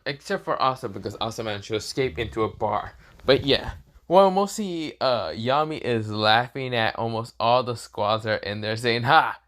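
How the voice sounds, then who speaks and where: Casually improvising a fan story, a man with a fairly bright, mid-range voice rambles along. The same fillers keep surfacing, for example "this is where, well, mostly."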